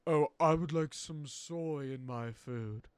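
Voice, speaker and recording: A man's voice: on the high side, slow, a little mellow, clear, resonant tone, no room sound, voice pushed down. A man mocking a smug American tofu eater. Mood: sneering. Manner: sneering, exaggerated mockery.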